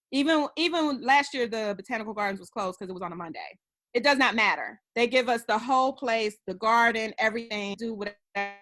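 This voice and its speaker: A woman's voice: fairly high pitch, a bit bright. A woman guest on a podcast interview, earnestly telling about a remembrance ceremony she organizes, with many "you know" fillers.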